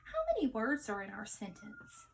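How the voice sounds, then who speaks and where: A woman's voice: high-pitched, huge pitch swings, normal speed, recorded from a distance, slight background noise, rough recording. A woman teaching a phonics lesson to young children, sounding out each letter patiently and cheerfully encouraging her viewers as friends. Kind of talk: early-reader phonics lesson.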